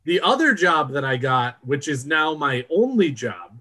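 A man's voice: a little high, very animated, measured pace, pushed and bright. A man co-hosting a podcast in casual, joking banter. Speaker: podcast co-host. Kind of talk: casual chat.

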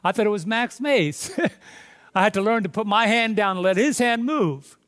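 Male preacher, New York accent, emphatic sermon delivery, high voice. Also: moderate pace. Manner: emphatic, rising to loud stresses on key words. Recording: long hall reverb.

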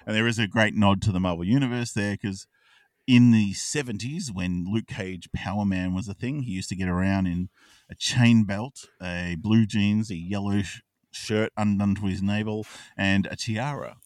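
A man hosting a casual podcast chat, recapping a cartoon episode and acting out the characters' lines in quick asides. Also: fairly low pitch, fairly even intonation, a little mellow, no room sound, clean studio sound, far from the mic. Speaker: podcast co-host.

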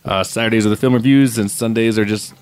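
A man's voice: on the low side, steady tone, fast talker. A man appearing as a guest film reviewer in a casual comedy podcast, playful and plugging his TV shows.

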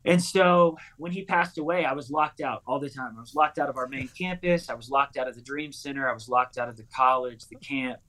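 A man in his thirties, a pastor and author, telling a personal story in an interview with earnest, animated quoted dialogue. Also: medium pitch, fairly quick, few pauses.

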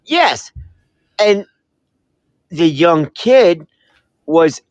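A man's voice: a little high, animated, drawn-out words, dry recording. A laid-back man bantering in a comedy show, saying "dude" constantly and arguing playfully. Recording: dull dry lo-fi sound.

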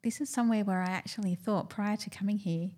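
A woman's voice: mid-range voice, fast talker, mellow. Chatty Australian woman, podcast guest. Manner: chatty, laughs often, short agreeing replies. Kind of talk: casual chat.

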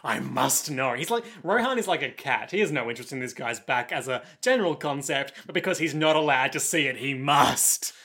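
A man co-hosting a casual anime recap, narrating scenes in a dry, deadpan way with jokey asides. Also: mid-range voice, brisk, few pauses. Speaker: podcast co-host.

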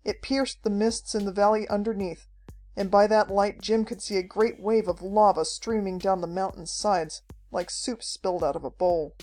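A woman narrating an adventure story as an audiobook, reading at a steady, measured pace. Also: mid-range voice. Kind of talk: scripted narration. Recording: faint background music.

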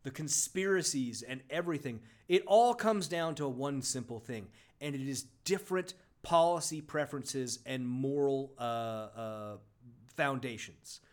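A man co-hosting a podcast in casual chat, sarcastic and excitable, breaking into loud laughter. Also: medium pitch. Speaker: podcast co-host.

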